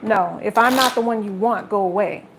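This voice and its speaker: A woman's voice: medium pitch, moderate pace, background noise. A woman giving a casual tarot reading straight to her viewers, blunt and chatty, swearing freely. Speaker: tarot reader.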